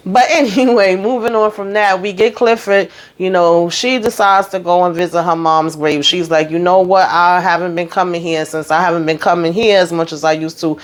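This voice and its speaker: A woman recapping a TV episode in a casual, animated way from a hot room at home. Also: on the low side, moderate pace, few pauses. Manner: chatty, animated, talks to viewers with "honey" and "okay". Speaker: TV recap host.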